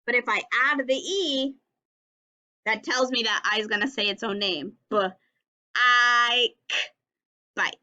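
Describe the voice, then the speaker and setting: A woman teaching a phonics lesson to young children, slowly stretching out and sounding each letter of the words. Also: a little high, pushed and bright, muffled recording.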